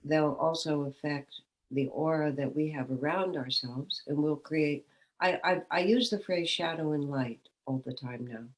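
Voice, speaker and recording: A woman's voice: sits low, measured pace, poor audio. A woman, a spiritual teacher, giving a reflective satsang talk and asking questions aloud.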